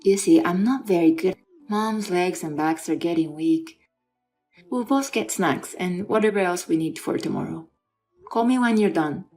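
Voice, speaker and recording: A woman's voice: on the low side, normal speed, darkish tone, soft background music, natural voice. A woman voicing an adult husband in a dramatized story. He pleads and makes demands, then brushes things off. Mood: dismissive.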